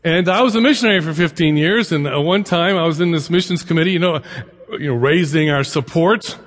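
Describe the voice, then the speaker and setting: A man's voice: a little high, brisk, in a large hall. A middle-aged man giving a conversational lecture, full of anecdotes, asides and rhetorical questions. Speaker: lecturer on the Bible and immigration.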